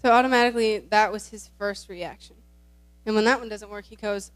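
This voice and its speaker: A woman's voice: mid-range voice, fairly even intonation, a little fast, no echo. A woman giving an earnest sermon-style talk at a church concert, retelling a story.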